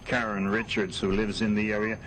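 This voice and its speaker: A man reporting for television news in a formal, measured scripted delivery. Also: on the low side, flat delivery, a bit bright, slight background noise, poor audio.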